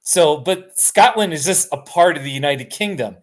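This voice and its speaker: A man's voice: a little high, animated, normal speed. A tired middle-aged man hosting a casual live stream from his couch at home, rambling, self-deprecating and laughing often. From United States.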